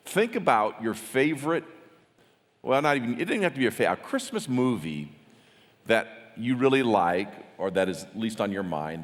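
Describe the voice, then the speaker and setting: Before a gathered audience, a man leads a Bible study in a loose, chatty way, quizzing listeners as he goes. His fairly low voice often stumbles and restarts, and the large hall gives it a long, ringing reverb.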